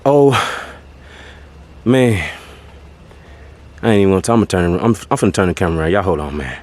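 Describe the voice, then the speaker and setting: A man's voice: sits low, very fast, a little mellow, slight background noise. A man vlogging casually outdoors by his cars, slangy and a little out of breath, tacking "man" and "y'all" onto his lines. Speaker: car audio vlogger. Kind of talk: casual vlog talk. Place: outdoors by cars in a front yard.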